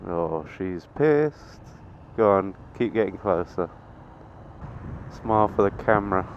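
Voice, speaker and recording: Sweary teenage biker, low voice. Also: male voice, slow pace. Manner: sweary, self-mocking, sudden excited yelps. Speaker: motovlogger. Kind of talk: casual running commentary while riding. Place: on a motorbike in town traffic, outdoors. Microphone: helmet-mounted action camera. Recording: dull lo-fi sound with loud wind and engine noise. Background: wind, traffic and engine noise.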